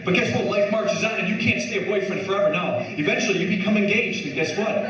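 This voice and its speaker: A man's voice: fast, a loud crowd. A man performing a stand-up set to a live audience, telling his story with lots of animation. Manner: animated storytelling, swings pitch a lot. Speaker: stand-up comedian. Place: comedy club stage. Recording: echoey live club, distant mic. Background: audience laughter.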